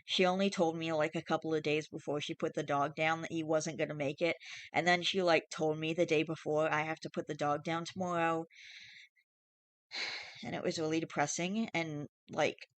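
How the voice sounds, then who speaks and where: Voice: mid-range voice, level tone, moderate pace, a bit bright, dry recording. A young adult YouTuber reading Reddit posts aloud and reacting in a rambling, chatty way, full of fillers and casual swearing.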